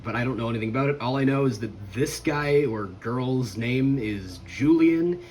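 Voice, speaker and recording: A man's voice: medium pitch, moderate pace, a little mellow, slight background noise, low-quality recording. A tired man hosting a casual toy review vlog, chatty and rambling. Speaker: host.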